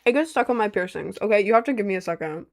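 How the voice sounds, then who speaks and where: A woman's voice: medium pitch, lively intonation, racing. Young woman streamer, casual chat, rambling and self-mocking.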